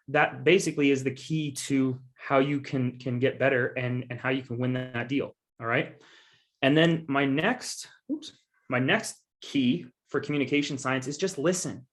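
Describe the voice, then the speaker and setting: A guest speaker on real estate investing, a man with a medium-pitched and slightly bright voice, gives a coaching presentation. He's emphatic, persuasive, and casual, repeating assurances often and calling his listeners "guys."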